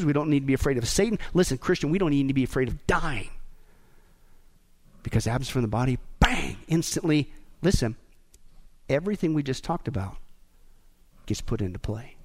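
A man preaching a sermon in an animated way, rising to shouts at the climaxes. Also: on the high side. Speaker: pastor.

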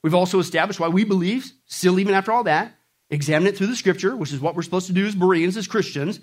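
A man preaching a sermon, animated and playful, acting out jokes and mocking voices and calling on the congregation to answer back. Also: high-pitched, fast. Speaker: pastor.

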